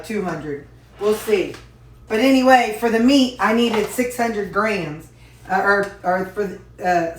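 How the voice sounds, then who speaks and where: A folksy woman talks her viewers through a home recipe, calling them y'all as she goes. Her mid-pitched voice rings in an echoey kitchen, with pots and dishes clattering behind her. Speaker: home cooking vlogger. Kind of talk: casual cooking vlog chat.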